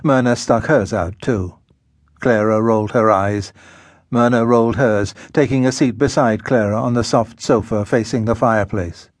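A man narrating an audiobook in a measured, unhurried storytelling manner. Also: lowish voice, steady tone, dry recording, clean studio sound. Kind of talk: scripted narration. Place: recording studio.

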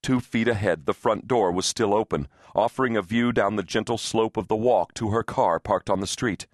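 Low-voiced man narrating a thriller. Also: normal speed, dry recording, clean studio sound. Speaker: audiobook narrator.

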